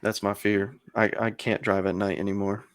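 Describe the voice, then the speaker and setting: A man's voice: on the low side, level tone, moderate pace, no room sound, studio quality. A man co-hosting a podcast, telling a long story in casual chat with lots of fillers and some swearing. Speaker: podcast co-host.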